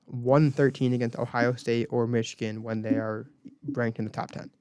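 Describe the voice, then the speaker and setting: A man's voice: medium pitch, level tone, normal speed, a little mellow, clean tone, no room sound. Young male college radio co-host, leads the segments and reads off numbers, dry booth sound. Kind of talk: casual sports talk.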